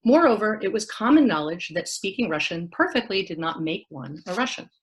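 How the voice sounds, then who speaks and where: A woman's voice: medium pitch, sing-song, brisk. A woman giving an academic lecture online, reading from a prepared text with the odd filler. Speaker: academic speaker. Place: online talk.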